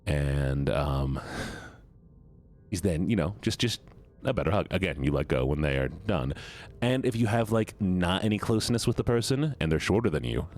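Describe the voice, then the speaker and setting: Giggly low-voiced male streamer. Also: animated, normal speed, a little mellow. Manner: giggly, rambling, often breaks into laughter; stumbles and restarts mid-sentence. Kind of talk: casual live-stream chat with viewers.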